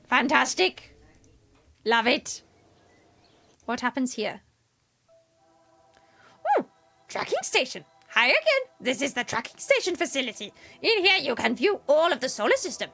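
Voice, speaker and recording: Woman doing tiny ancient alien sage, inverted syntax, high and sing-song, playful game stream bit. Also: pushed and bright, heavily acted. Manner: inverted word order, playful. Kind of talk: live game stream commentary.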